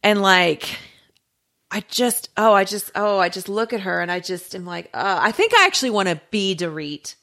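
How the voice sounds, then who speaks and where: A woman's voice: medium pitch, expressive, moderate pace, bright, forceful tone. A woman co-hosting a podcast in casual chat, rambling with lots of filler words and trailing thoughts. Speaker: podcast co-host.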